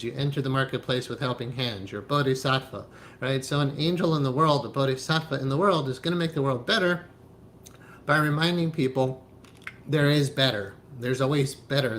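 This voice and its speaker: A man at a middle pitch teaches hypnotherapy in an emphatic, animated way. He keeps checking in with his listeners and laughs often. A faint low rumble runs underneath his voice. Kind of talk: spiritual teaching talk.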